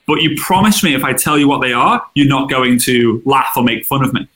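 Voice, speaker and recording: A man, a guest in an interview, chatting casually and telling animated stories with acted-out quotes. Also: mid-range voice, a little fast. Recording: roomy echo.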